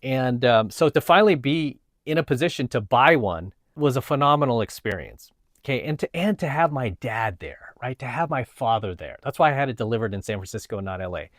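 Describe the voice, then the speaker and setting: A man's voice: medium pitch, animated, brisk, dry recording, studio quality. A man, a coach and vlogger, telling a personal story in a casual monologue, emphatic and repeating himself. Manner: emphatic, repeats himself, asks "right?" often.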